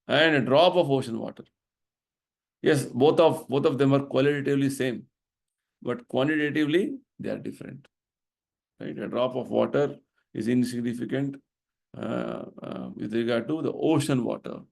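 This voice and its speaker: A middle-aged man delivers a devotional lecture, with a gravelly, fry-edged texture in his voice. He speaks in a medium register and explains each point earnestly, often pausing to check with the room by asking "right?". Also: medium pitch, darkish tone. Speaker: temple vice president giving a spiritual talk.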